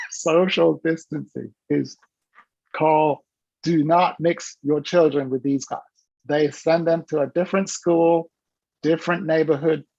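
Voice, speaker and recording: Raspy guy on a zoom call, dry sound, preachy and animated. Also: a little high, no echo, lo-fi sound. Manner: preachy, acts out quoted voices, laughs often. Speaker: guest speaker on a virtual summit call. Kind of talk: animated motivational talk. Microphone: video call.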